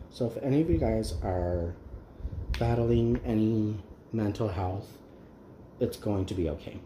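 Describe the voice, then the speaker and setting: A man's voice: on the low side, moderate pace. A man hosting a crafting channel, chatting casually and candidly while he works, with many ums and restarts. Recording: roomy echo, faint background noise.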